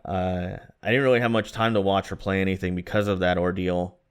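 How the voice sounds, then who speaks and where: Smooth-voiced man in casual podcast chat. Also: low voice, fairly even intonation, a little fast. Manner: chatty, rambling, lots of "like" and "man". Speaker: podcast co-host.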